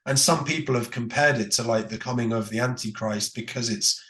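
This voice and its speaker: A British man co-hosting a podcast in relaxed, rambling chat full of ums and likes. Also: medium pitch, fairly quick, echoey room. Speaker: podcast co-host. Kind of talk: casual Bible study chat.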